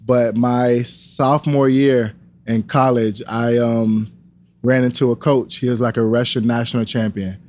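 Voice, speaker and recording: A man's voice: mid-range voice, measured pace. A young man, a podcast guest, telling a story in casual talk and acting out the voices of the people in it. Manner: animated, acts out quoted dialogue. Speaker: podcast guest, wrestling coach.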